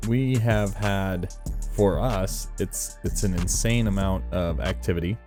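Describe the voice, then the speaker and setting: A man co-hosting a casual reaction chat, relaxed and laughing often as he thanks viewers. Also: low voice, unhurried, music in the background. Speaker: co-host.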